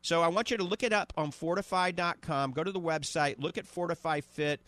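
A man in his fifties with a New Orleans accent, hosting a radio call-in show and pitching a supplement, often checking in with "okay?". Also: a little fast, a bit bright, no echo. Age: 50s. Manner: salesy, repeats "okay?" and "all right?" to the listener. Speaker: radio host selling supplements.

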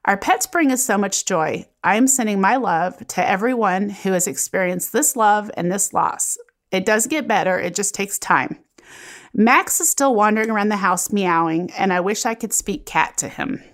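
A woman co-hosting a podcast, reading a listener's letter aloud in a gentle, sincere way. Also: medium pitch, normal speed. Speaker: podcast co-host. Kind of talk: reading a listener letter, then casual chat.

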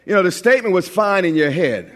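A pastor from New York preaching a lively, humorous sermon, often repeating words as he builds a point. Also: sits high, fast. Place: large church sanctuary. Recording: long hall reverb.

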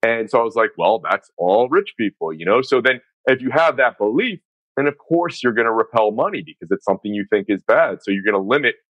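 A middle-aged man from the Northeastern US speaks candidly as a guest coach, telling stories in a loose, animated way full of fillers. His voice sits at an ordinary pitch. The sound is dry and close. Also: fast, dry recording, highs cut off. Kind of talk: casual podcast conversation.

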